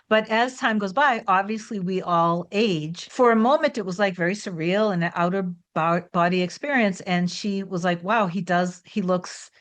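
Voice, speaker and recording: A woman coach telling a story about one of her clients in a relaxed, chatty way, often dropping in "like" as a filler. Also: mid-range voice. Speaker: manifestation coach.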